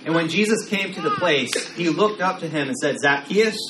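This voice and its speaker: A man's voice: fairly high pitch, expressive, moderate pace. Conversational male pastor in echoey room. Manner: conversational, repeats words, acts out quotes. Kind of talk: casual sermon. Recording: roomy echo, faint room noise.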